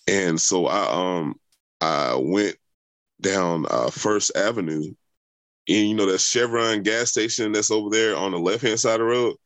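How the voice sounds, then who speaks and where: A man's voice: deep voice, a little slow, fairly bright tone. A young adult man telling a long personal story in conversation, rambling with many fillers and restarts. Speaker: interviewee.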